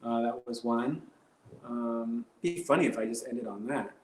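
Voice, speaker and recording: A man's voice: mid-range voice, very animated, unhurried, creaky, slight background noise. A man doing rambling, hesitant stand-up comedy on a live stream, full of fillers and absurd bits. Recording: roomy echo.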